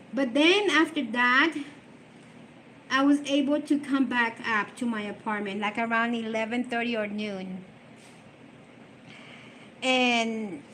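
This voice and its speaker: A woman's voice: high voice, fairly bright tone, a little hiss or hum. A middle-aged woman chatting casually on a live stream, emotional and rambling as she answers viewer comments.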